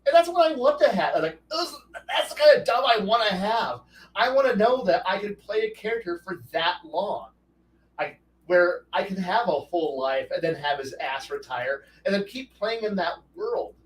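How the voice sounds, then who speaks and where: A man's voice: high-pitched, moderate pace. Roomy, rambling man talking games. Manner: profane, rambling, animated with restarts. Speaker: host. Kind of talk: casual rambling talk. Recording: roomy echo, distant from mic, faint noise.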